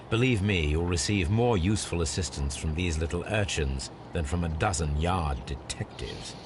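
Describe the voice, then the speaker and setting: An actor playing a calm, sardonic male detective, speaking in a dry, measured way. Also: low-pitched, noisy background.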